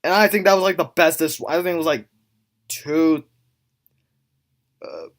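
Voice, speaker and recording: A male YouTuber giving casual, rambling gameplay commentary, excitable and quick to laugh. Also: fairly high pitch. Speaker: YouTube gamer.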